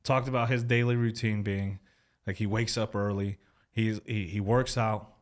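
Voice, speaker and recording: A man's voice: fairly low pitch, steady tone, normal speed. A young man hosting a casual podcast chat, laid-back and swearing freely as he tells a story.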